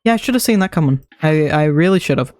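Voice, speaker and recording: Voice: medium pitch, animated, fast talker, darkish tone, a little hiss or hum. A streamer giving casual gameplay commentary, muttering and thinking aloud to themself.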